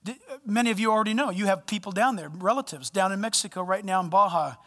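High-voiced animated male pastor preaching. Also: fast talker, long reverb tail. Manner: animated, playful, shifts between loud and hushed. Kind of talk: sermon. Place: church sanctuary.

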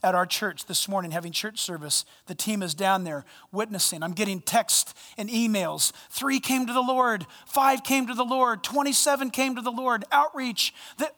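High-voiced animated male pastor preaching. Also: normal speed, hardly any pauses, long reverb tail. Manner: animated, playful, shifts between loud and hushed. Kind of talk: sermon. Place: church sanctuary.

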